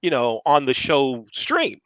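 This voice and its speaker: Male podcast co-host, animated and upbeat, dry close-mic sound, stumbles over starts. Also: mid-range voice, measured pace, no room sound. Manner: upbeat, repeats words when starting sentences. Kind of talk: casual chat.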